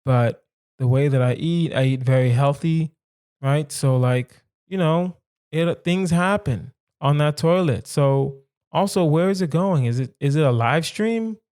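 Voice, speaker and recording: A man's voice: fairly high pitch, unhurried, darkish tone, clear, resonant tone. Playful rambling male comedian. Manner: rambling, playful, rhetorical questions. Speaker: comedian podcast host. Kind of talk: casual solo podcast musing.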